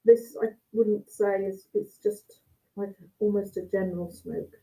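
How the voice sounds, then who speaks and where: A woman's voice: medium pitch, fairly even intonation, a little slow, gravelly, dark tone. A woman judging cheese over a video call, chatty and thinking aloud as she tastes and cuts. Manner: chatty, thinks aloud while tasting and cutting. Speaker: cheese judge. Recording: tinny phone-like call audio.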